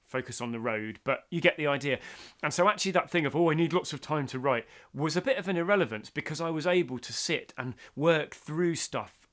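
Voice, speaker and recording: A man's voice: mid-range voice, a bit bright. Chatty middle-aged man teaching songwriting. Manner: chatty, self-deprecating asides. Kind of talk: casual instructional talk.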